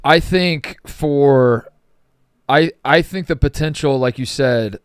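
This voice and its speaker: A man's voice: medium pitch, slow pace, smooth, dry recording, clean studio sound. A man co-hosting a sports podcast, bantering and joking in casual chat. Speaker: podcast co-host.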